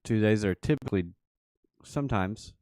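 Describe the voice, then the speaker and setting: A man's voice: fairly low pitch, normal speed, darkish tone, no room sound, studio quality. A man hosting a livestream, giving casual live chart commentary and thinking aloud with repeated phrases. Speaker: livestream host.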